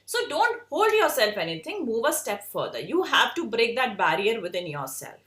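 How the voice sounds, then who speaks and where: Woman, Indian English accent, design educator; lively, emphatic delivery in an echoey room. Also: on the high side, normal speed, hardly any pauses. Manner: earnest, emphatic, advising. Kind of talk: motivational talk to students.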